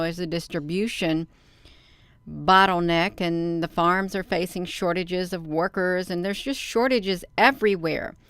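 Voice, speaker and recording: A woman's voice: fairly low pitch, fairly bright tone, smooth, no echo. A woman hosting a casual livestream, chatting with viewers and commenting on a news article she reads aloud, laughing often and calling her audience "you all," recorded on a phone. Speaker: livestream host.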